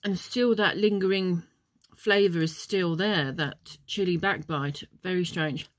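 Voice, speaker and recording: She's a vlogger reviewing chocolates, her lowish voice moving a little slowly in a dry recording. The talk is casual and rambling, straying into memories, with plenty of ums.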